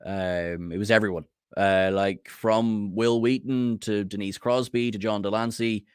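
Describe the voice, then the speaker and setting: A man's voice: lowish voice, fairly even intonation, a little slow, darkish tone, clean tone, no echo, studio quality. A man co-hosting a podcast, talking casually with many hesitations and fillers. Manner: hesitant, filler-heavy talk. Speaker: podcast co-host on a charity stream. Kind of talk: casual chat.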